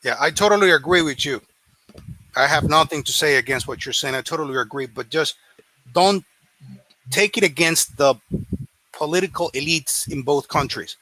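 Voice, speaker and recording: A man's voice: fairly high pitch, moderate pace, pauses often, bright, forceful tone, no room sound, rough recording. A man hosting a casual discussion, earnest and agreeable as he makes his points. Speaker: host.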